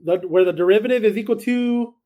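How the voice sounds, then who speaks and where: Chatty high-voiced math teacher. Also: male voice, brisk, dark tone. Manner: chatty, checks in with students. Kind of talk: recorded classroom lecture.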